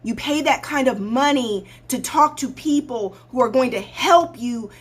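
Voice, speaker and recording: Talking to viewers on her livestream, a life coach who hosts the show lectures them bluntly, circling back to the same points for emphasis. She has a high-pitched, husky voice and keeps a measured pace.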